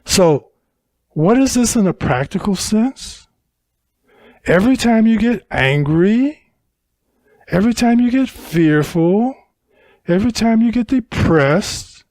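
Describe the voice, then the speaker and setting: A man's voice: sits high, a little mellow, dry recording, studio quality. A man giving a Buddhist dharma talk at a retreat center, teaching unhurriedly with emphatic repetition.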